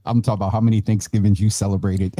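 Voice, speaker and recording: A tired man hosting a relaxed, chatty online show from a warm room at home, laughing now and then. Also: on the low side, very fast, no echo. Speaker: host. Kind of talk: casual chat. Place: hot room at home with vents and fan. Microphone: phone or video call.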